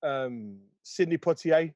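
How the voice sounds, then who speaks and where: A man's voice: fairly high pitch, darkish tone, dry recording, muffled recording. Thoughtful man with a dry sound. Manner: thoughtful, pausing with ums. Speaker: co-host. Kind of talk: casual chat.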